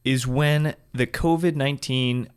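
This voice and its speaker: A man's voice: medium pitch, fairly even intonation, unhurried, smooth. A man with a mid-range voice hosts a podcast interview. He asks his questions in a loose, conversational way and often rephrases them as he speaks. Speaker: podcast host.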